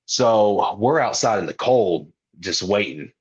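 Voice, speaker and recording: A man's voice: fairly low pitch, expressive, slow pace, darkish tone, slightly rough. A man in his twenties, a guest wrestler, telling a story in casual podcast talk and animatedly acting out other people's lines. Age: 20s. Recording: muffled lo-fi recording.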